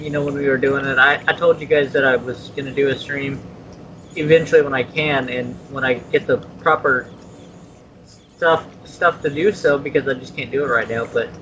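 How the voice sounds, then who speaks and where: An easygoing man chats with friends over a muffled, lo-fi voice line, his voice a little higher than most men's. A faint hiss runs under it. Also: steady tone, normal speed, bright, forceful tone. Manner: easygoing, chatty. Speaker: gaming friend. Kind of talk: casual gaming chat.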